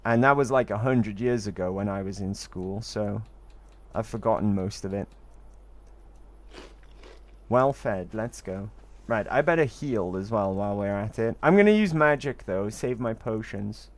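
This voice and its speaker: A middle-aged man's fairly low voice carries lively intonation at an unhurried pace as he plays a game on a live stream. He chats casually, ribbing viewers with jokes and an occasional curse.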